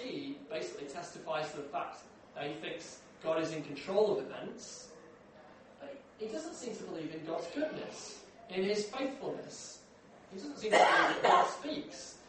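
Man preaching, chatty and questioning, high voice, picked up from afar in a big echoey hall. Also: far from the mic, slight background noise. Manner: conversational, asks the room questions. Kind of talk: sermon. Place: large echoey church hall.

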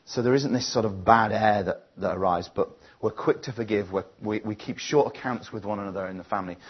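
A man's voice: fairly low pitch, brisk, breathy edge, highs cut off. A man preaching a sermon, telling a family story in an earnest, reflective way before leading a prayer.

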